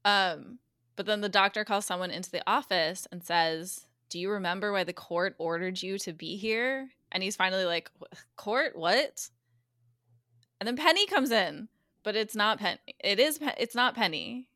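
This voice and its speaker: A woman's voice: mid-range voice, dry recording, studio quality. A woman co-hosting a podcast, recapping a TV episode in casual chat and acting out the characters' lines. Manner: animated storyteller, acts out lines with quick voice shifts. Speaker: guest co-host recapping a TV episode.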